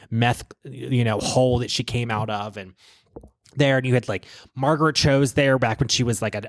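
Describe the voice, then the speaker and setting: A man hosting a podcast in casual gossip commentary. He rambles, swears freely and talks in an animated way. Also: mid-range voice, dry recording, studio quality. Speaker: podcast host. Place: podcast studio.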